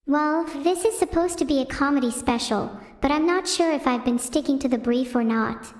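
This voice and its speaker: A synthetic female voice doing deadpan stand-up comedy on a stream, chatting with viewers. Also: sits high, moderate pace. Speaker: AI streamer host. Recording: roomy reverberant sound.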